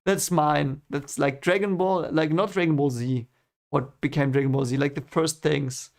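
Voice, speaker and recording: A man's voice: a little high, steady tone, moderate pace, vocal fry. A man chatting casually on a stream as he reads webcomics, rambling enthusiastically with lots of fillers and repeated words. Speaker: streamer reading webcomics aloud.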